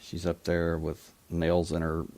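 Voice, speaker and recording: A man hosting a call-in talk show, telling a personal story in a reflective, halting way. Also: deep voice, completely flat delivery, darkish tone. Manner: reflective, halting, with frequent restarts. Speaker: radio call-in show host.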